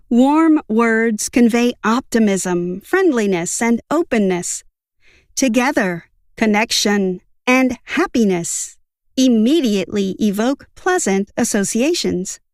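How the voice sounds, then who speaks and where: A woman with a fairly high voice reads a book summary as scripted narration. Her delivery is even and measured, and the sound is close and dry with no room around it. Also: no echo.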